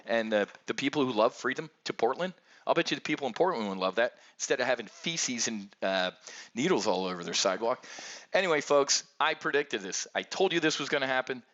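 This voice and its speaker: A man's voice: medium pitch, sharp tone, dull audio. A man giving blunt, sarcastic market commentary on options trading, ranting and addressing viewers directly.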